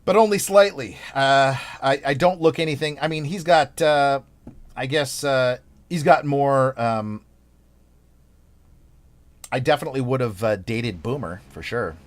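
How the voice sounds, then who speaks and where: A man's voice: medium pitch, measured pace. A man streaming a game, chatting casually in a rambling, playful, over-the-top way full of fillers. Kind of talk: casual live-stream chat.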